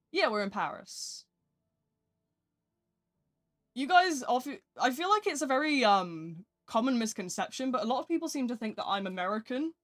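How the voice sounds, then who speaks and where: A woman's voice: on the high side, a bit bright. A young woman with a British accent chatting casually on a live game stream, rambling and self-deprecating as she reads her chat aloud from a home desk mic.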